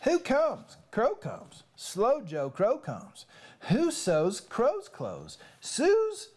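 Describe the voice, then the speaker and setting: A pushy male storybook fox, read by a woman, coaxes his friend through tongue twisters in a put-on Southern US drawl. The delivery is slow and sing-song, the pitch bounding high and low. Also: huge pitch swings, darkish tone, heavily acted. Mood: coaxing.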